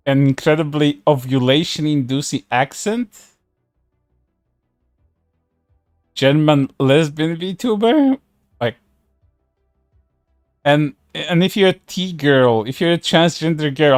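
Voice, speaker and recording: A man's voice: on the high side, dry recording, studio quality. A man streaming casual commentary, reading posts aloud in a sarcastic way, laughing and swearing often.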